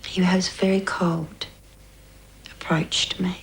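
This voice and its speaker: A woman giving documentary interview testimony, recounting quietly and sometimes dropping almost to a whisper. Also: on the low side, little pitch movement, a little slow, slightly rough, poor audio. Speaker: interviewee recounting police questioning.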